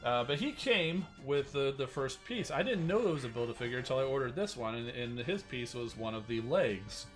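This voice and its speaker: A man's voice: medium pitch, lively intonation, a little fast, few pauses, faint music behind. A man hosting a casual livestream, showing off collectible figures in a rambling style with many fillers and restarts. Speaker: toy collector and channel host. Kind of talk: casual livestream show-and-tell.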